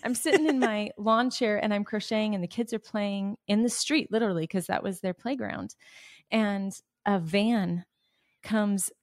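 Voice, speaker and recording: A middle-aged woman co-hosting a faith podcast, telling a family story in an animated way, acting out quotes and laughing. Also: mid-range voice, moderate pace, dry recording, clean studio sound. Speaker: podcast co-host.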